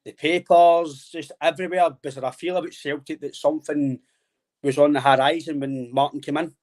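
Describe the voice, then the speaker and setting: A man in his late twenties hosts a laid-back podcast chat. His voice sits a touch higher than most men's. His delivery is friendly and loose, full of fillers. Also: steady tone, fairly quick, a little mellow. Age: 20s. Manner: friendly, rambling, says "mate" constantly. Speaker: podcast host.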